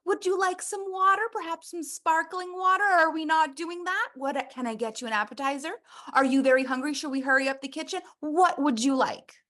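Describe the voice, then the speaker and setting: A woman's voice: high voice, fairly bright tone, pitched above the performer's own voice. Woman doing a gushing, fussy waitress. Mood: over-eager. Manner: gushing, fussy, rapid-fire questions. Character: over-eager people-pleasing female restaurant server.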